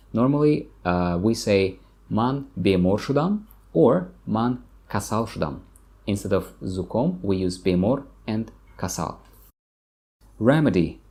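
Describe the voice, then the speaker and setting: A man's voice: lowish voice, a little mellow, breathy edge. A man teaching vocabulary in a patient lesson, saying each word several times and then explaining it. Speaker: language teacher. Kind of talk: slow, repetitive vocabulary lesson.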